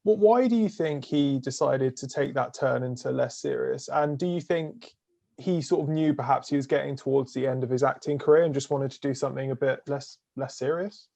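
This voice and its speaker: A man's voice: mid-range voice, brisk, gravelly, dark tone. A man hosting a podcast, asking long questions hesitantly with many fillers. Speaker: podcast host. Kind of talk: interview questions.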